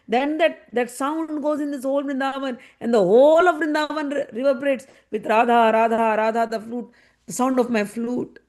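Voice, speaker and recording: A woman's voice: sits high, a little mellow, close to an everyday voice. A woman voicing a young male god who pleads tearfully and searches anxiously for his lost flute. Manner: pleading, tearful, repeated questions.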